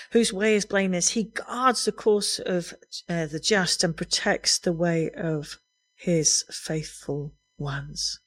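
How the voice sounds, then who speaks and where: Middle-aged woman, preacher, earnest conversational sermon, medium pitch.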